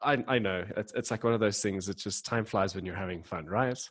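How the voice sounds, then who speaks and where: A man with a fairly low voice hosts a relaxed podcast interview. He hedges and restarts often, filling gaps with ums as he works his way around to his questions. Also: brisk. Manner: hesitant, filler-heavy, friendly. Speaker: podcast host.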